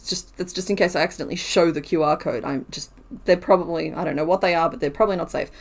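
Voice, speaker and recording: A woman's voice: low-pitched, fast, gravelly. A woman streaming while she crochets, talking casually, counting stitches aloud and answering her chat.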